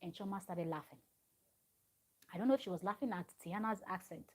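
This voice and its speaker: A woman's voice: on the low side, a little fast, a little mellow, low-quality recording. A woman chatting at home as she recaps a reality show episode. Her talk rambles along with fillers and restarts. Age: adult parent of a small child. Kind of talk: casual recap chat.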